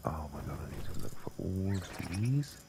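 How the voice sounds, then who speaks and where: A man giving casual let's-play commentary, quick to anger and swearing freely as he plays. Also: sits low, noisy background. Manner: swears freely, easily angered, animated reactions. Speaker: gaming YouTuber.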